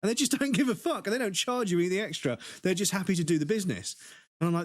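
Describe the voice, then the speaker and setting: A man's voice: high voice, lively intonation, fast talker, no room sound. A man with an English accent chatting casually on a live game stream, ranting with swearing and laughing asides.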